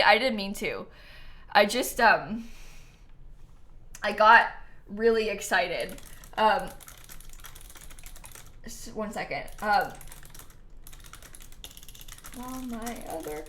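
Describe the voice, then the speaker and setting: Bubbly, animated young woman streamer. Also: medium pitch. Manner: excitable, squealing, laughing often. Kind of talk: casual live-stream chat.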